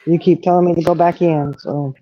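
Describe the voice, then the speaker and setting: A woman co-hosting a casual live-stream chat, soft-spoken, teasing and giggly. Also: low voice, fairly even intonation, brisk, highs cut off.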